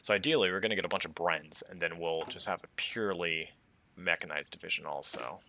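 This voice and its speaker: An American man casually commenting on a strategy game as he plays, thinking aloud in a relaxed, chatty way. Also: low-pitched, a little fast, vocal fry. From United States. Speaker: strategy game let's player.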